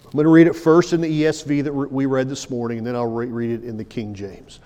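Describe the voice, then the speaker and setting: A man's voice: medium pitch, fairly even intonation, a little fast. Man preaching in a reverberant hall. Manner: emphatic preaching with big swings from loud to hushed. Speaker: pastor. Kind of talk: sermon. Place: church sanctuary. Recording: long church hall reverb.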